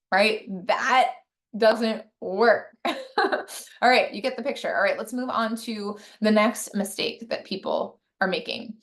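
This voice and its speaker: A woman's voice: on the high side, measured pace. A woman relationship coach teaching casually, with a conversational manner, many fillers and frequent tag questions.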